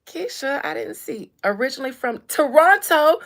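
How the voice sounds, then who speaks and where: A woman hosting a casual livestream, animated, calling out viewers and laughing often. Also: fairly high pitch, unhurried. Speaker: livestream host.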